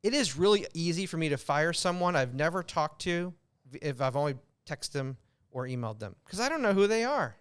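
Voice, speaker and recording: Smooth-voiced American man giving tips. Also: a little high, a little fast, few pauses. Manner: loose, filler-heavy, animated when making a point. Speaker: podcast host, real estate coach. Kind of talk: casual podcast chat giving tips.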